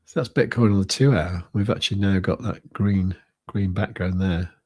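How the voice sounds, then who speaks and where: A British man with a low, steady, slightly mellow voice and a breathy edge hosts a crypto trading livestream at a moderate pace. He chats casually over charts, thinking aloud with lots of fillers.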